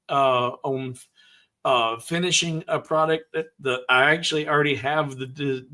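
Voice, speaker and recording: A man hosting a casual live stream, talking slowly with frequent stutters and restarts. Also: on the high side, a bit bright. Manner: slow, deliberate delivery. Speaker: livestream host.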